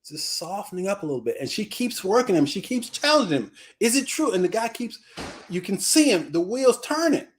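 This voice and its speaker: A man who is addressed as coach tells a story in a live group discussion. His voice sits somewhat high and swings up and down a lot as he builds the story. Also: very animated, a little fast.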